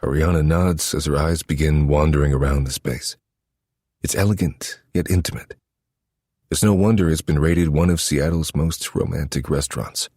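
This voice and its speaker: A man narrating a first-person romance story in a low, intimate, steady manner. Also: normal speed, slightly rough, no echo, studio quality. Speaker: audiobook narrator.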